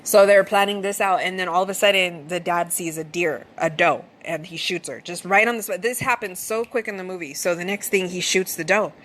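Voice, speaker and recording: A woman's voice: fairly low pitch, a little fast, hardly any pauses, a bit bright. A woman hosting a podcast, casually retelling a movie plot in a chatty way and swearing freely. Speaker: podcast host.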